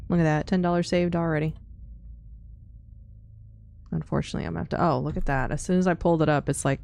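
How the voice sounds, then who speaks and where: Low, gravelly-voiced woman chatting casually. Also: fairly even intonation, fast talker, a little mellow. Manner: rambling, many fillers and laughs. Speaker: streamer chatting with live chat. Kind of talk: casual chat.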